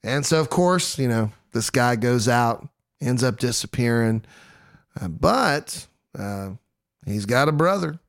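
A man's voice: medium pitch, lively intonation, measured pace, vocal fry, no room sound, clean studio sound. A man in his thirties hosting a podcast, telling a true-crime story in casual, jokey chat and acting out quotes in goofy voices. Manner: self-deprecating, jokey. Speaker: podcast host.

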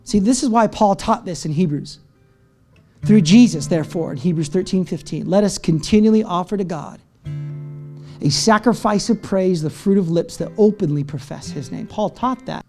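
High-voiced male pastor preaching passionately. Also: normal speed, a little mellow. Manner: swings from low teaching tone to high impassioned cries. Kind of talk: sermon. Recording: faint guitar music behind.

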